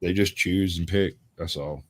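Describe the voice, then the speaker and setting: A man with a very deep voice and a Southern US accent tells stories as a livestream guest, drawing out his phrases in a laid-back way. The sound is dry and close. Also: fairly even intonation, a little slow, dry recording. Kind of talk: casual chat.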